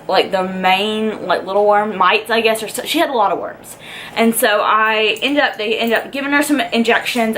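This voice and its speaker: A young woman with a drawl tells a story straight to camera in a vlog. She rambles, with plenty of "like" and "um". Her voice sits at an ordinary middle pitch, with a faint hiss underneath. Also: fairly bright tone, rough recording. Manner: chatty and rambling, lots of "like" and "um". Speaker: vlogger.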